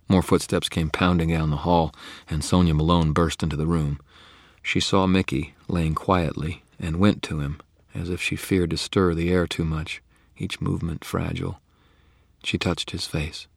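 A man narrates a first-person story in a gritty, understated manner, his voice extremely deep and rough with fry. The tone is husky rather than clean, recorded close and completely dry. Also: fairly even intonation, normal speed, dry recording. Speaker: audiobook narrator.

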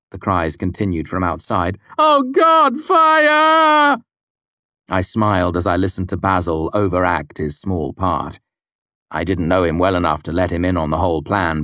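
A man narrates a first-person audiobook in a deep, low register. His delivery is measured and quietly wry. The sound is close and dry, with no room around it. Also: no echo.

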